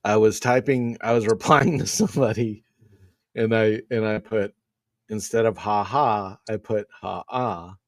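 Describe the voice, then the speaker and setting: A man's voice: on the low side, a little slow, no echo, studio quality. A man co-hosting a podcast, telling stories in an easygoing, casual way. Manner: laughing often, storytelling, easygoing. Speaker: podcast co-host. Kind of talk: casual chat.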